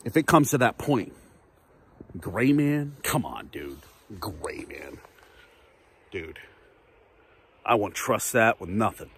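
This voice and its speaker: A man's voice: on the low side, expressive, takes it slowly, creaky, pauses often, fairly bright tone, slight background noise. A man ranting casually to camera in a vlog, profane, rambling and repetitive. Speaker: vlogger.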